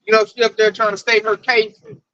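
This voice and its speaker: A man tells animated stories in a casual group chat, slipping into his coworkers' voices as he goes. His tone is bright and forward. The sound is close and dry, with no room around it. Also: high-pitched, fairly quick, no echo, highs cut off. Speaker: speaker at a group discussion.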